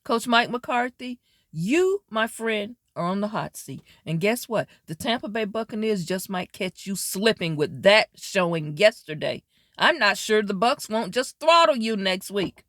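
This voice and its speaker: A sassy woman runs through her weekly football wrap-up, scolding and cheering teams as if they could hear her. Her voice sits in a middle pitch and is recorded close and dry, with no room sound. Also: unhurried, dry recording. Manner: sassy, animated, talks straight to teams and players. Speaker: sports commentary vlogger. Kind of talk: casual sports wrap-up commentary.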